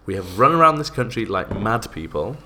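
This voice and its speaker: Deep-voiced man chatting. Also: very animated, sharp tone. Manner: chatty, laughs often, quick bursts. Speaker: podcast co-host and guest editor. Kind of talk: casual podcast chat.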